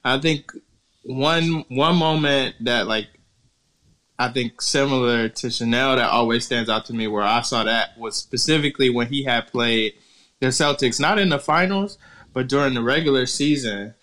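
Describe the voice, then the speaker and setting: Mid-pitched man, reflective co-host recalling memories. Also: normal speed, bright, forceful tone, low-quality recording. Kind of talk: casual sports chat.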